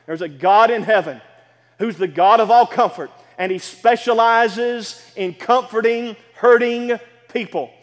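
A man's voice: sits high, big-room sound. A man preaching a sermon as pastor of a church, repeating phrases and building emphasis as he speaks. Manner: preaching with repetition and rising emphasis.

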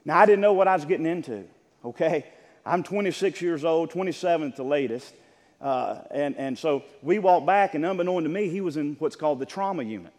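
Older pastor guy preaching, kinda high voice, earnest storytelling with restarts, big echoey church sound. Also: animated, fairly quick, a little mellow. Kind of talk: sermon. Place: church sanctuary. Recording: long hall reverb.

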